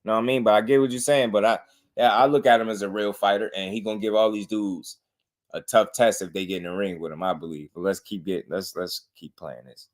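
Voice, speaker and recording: A man with a fairly low voice talks boxing in a casual, unhurried way. He reacts to clips as the show's host and keeps checking that listeners follow him. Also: steady tone. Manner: laid-back, repeats "you know what I mean".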